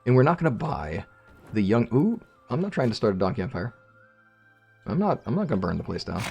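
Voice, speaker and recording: A man's voice: mid-range voice, very animated, a little fast, creaky, darkish tone, breathy edge, highs cut off, soft background music. A man casually commenting on his game, rambling and joking with viewers. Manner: rambling, jokey, talks to viewers. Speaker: let's play host.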